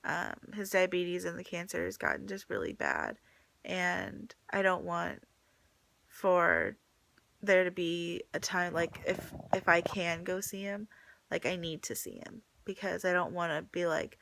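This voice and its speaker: A woman's voice: fairly low pitch, a little slow, creaky, a bit bright, no room sound. A young woman vlogging to her phone camera in a casual, chatty way, full of likes and ums, a little teary. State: pregnant, teary.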